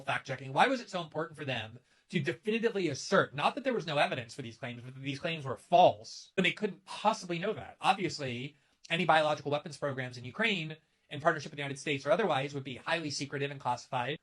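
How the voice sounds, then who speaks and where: Man, political commentator, emphatic, critical, rapid, bright tone. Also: on the high side, expressive. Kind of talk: scripted commentary video.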